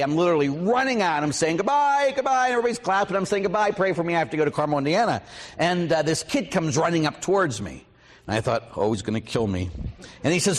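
Middle-aged priest preaching, chatty stories, asks the crowd stuff, long echo in a hall. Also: male voice, fairly high pitch. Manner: storytelling, lively quoted voices, asks audience questions. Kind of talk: parish mission talk.

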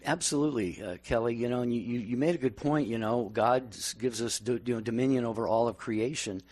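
A man's voice: medium pitch, brisk, darkish tone. A man co-hosting a call-in radio show, speaking earnestly and thoughtfully. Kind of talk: talk radio chat.

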